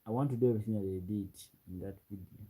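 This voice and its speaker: A man's voice: on the low side, very fast, mellow, slightly rough, low-quality recording. A man from Uganda with a Ugandan English accent, chatting casually on a late-night live stream and reading out viewer comments. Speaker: livestreamer. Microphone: ring light setup, webcam.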